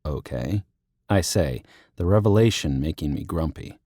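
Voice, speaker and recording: Low, dark-voiced male audiobook narrator. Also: animated, normal speed, dry recording, clean studio sound. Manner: wry, intimate, playful. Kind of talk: first-person romance audiobook narration. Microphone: close studio mic.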